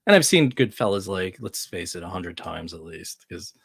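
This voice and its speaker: A man's voice: deep voice, very animated, normal speed, vocal fry, fairly bright tone, slightly rough, no echo. A man joining as a guest in a casual movie chat, talking in a laid-back way that trails off.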